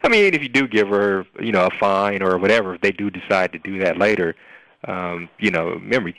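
A man's voice: low voice, a little fast, a bit bright, rough recording. A man on a sports talk radio panel, chiming in with agreement and then making his own case. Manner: agreeable, frequent backchannel murmurs. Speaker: co-host.

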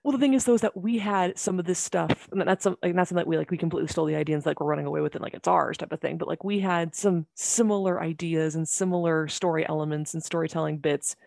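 A podcast guest in casual chat, excitable and gushing, talking in quick bursts. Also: medium pitch, gravelly, no echo, clean studio sound.

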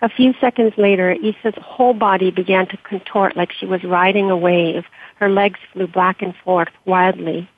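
Husky woman reading her memoir by phone. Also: medium pitch, fairly even intonation, moderate pace. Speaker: author and interview guest. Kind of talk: reading her memoir aloud, then interview answers. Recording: dry tinny phone-like line.

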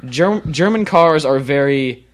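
A man's voice: fairly high pitch, unhurried. A man co-hosting a casual podcast chat, speaking into a close mic. He is pushy with his partner and rambles, often stumbling and restarting his sentences as he thinks aloud. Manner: rambling, pushy, restarts and stutters when excited. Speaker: podcast co-host.

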